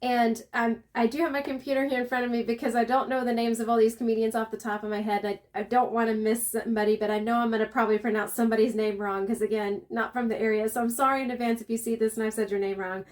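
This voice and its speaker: A woman's voice: fairly high pitch, flat delivery, fast, hardly any pauses, a little mellow. A woman with a Southern accent, chatting casually as a travel vlogger and telling a long story with lots of fillers and restarts.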